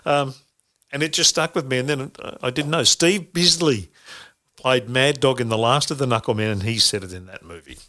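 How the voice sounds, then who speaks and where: A middle-aged man chatting loosely as a podcast host, looping back on himself with ums and restarts. His voice has a forceful, bright edge, and his pitch sits in the middle for a man. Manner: rambling with many fillers and restarts, laughs easily. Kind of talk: casual podcast chat.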